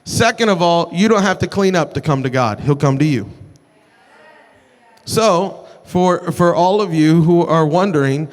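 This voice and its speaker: A man's voice: on the high side, expressive, measured pace. A man preaching a sermon with passion, repeating phrases for emphasis and restarting lines as he builds. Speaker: pastor. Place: large church sanctuary. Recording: long church hall reverb.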